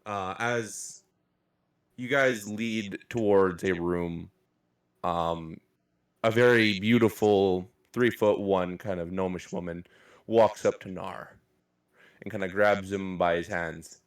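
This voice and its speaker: A man's voice: low voice, steady tone, takes it slowly. A man narrating as game master in a casual, rambling way, swearing offhandedly. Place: live-streamed game session.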